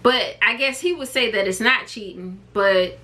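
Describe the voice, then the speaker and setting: A woman vlogger and mother telling a personal story to camera in a chatty, expressive way, wandering off on tangents. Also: mid-range voice, moderate pace.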